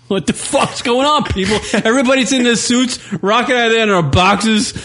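A man co-hosting an internet radio show, ranting in loud, profane, crude banter. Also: very high-pitched, moderate pace. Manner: loud, profane, riffing rants.

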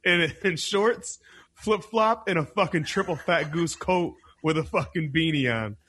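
A man's voice: fairly high pitch, unhurried, fairly bright tone, husky. A man co-hosting a talk show, joking along in laid-back, profane banter. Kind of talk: casual banter.

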